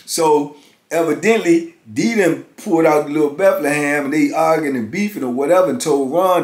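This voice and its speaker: A man in his fifties telling a prison story in casual, animated talk. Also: a little high, normal speed. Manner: animated, acts out others' voices. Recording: roomy echo.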